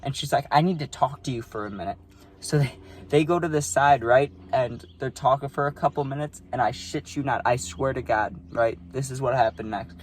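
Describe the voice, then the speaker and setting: Young male vlogger, loose and rambling, swears freely, ordinary mid-range voice, phone-recorded. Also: mid-range voice. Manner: rambling, profane, full of "you know what I mean". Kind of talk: casual storytime vlog.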